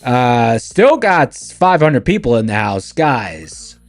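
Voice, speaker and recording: A man hosting a live trading stream, talking casually and playfully to his chat through a voice changer that lowers his voice. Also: big pitch swings, slow pace, soft background music. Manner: playful, talks straight to chat.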